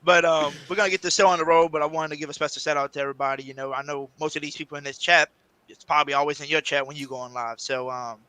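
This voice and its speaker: Man, host of a live podcast, joking and loose, crisp voice, high-ish pitch. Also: fairly even intonation, racing, bright, forceful tone, no room sound.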